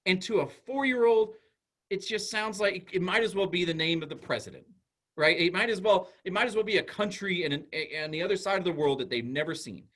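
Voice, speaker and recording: A school psychologist gives parents an informal, conversational talk, acting out little dialogues along the way. His voice sits high and sounds brisk and a bit bright.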